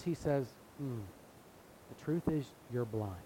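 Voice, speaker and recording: A man's voice: medium pitch, expressive, unhurried, dark tone, slight background noise, rough recording. A man preaching a sermon in an earnest way, now and then acting out the voices of people in the story. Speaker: pastor.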